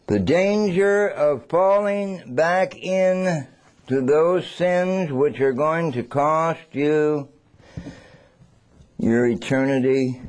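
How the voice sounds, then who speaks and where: Preacher delivering a dramatic sermon. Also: male voice, on the high side, extremely slow. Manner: dramatic, swings between loud and hushed, acts out scenes.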